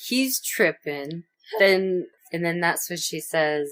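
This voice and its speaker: A woman's voice: lowish voice, expressive, takes it slowly, fairly bright tone. A woman co-hosting a podcast, casually recapping a movie scene by scene, laughing often and acting out the lines. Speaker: podcast co-host.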